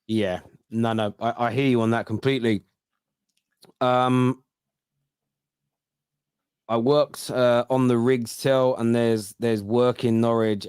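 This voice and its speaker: Cockney man telling animated stories. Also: mid-range voice, clean tone, dry recording, clean studio sound. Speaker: football podcast host. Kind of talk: casual chat.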